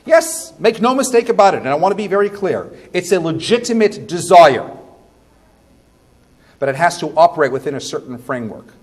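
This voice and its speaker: A male rabbi giving a sermon, emphatic, posing rhetorical questions, swinging between quiet and loud passages. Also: fairly high pitch, very animated, fairly quick.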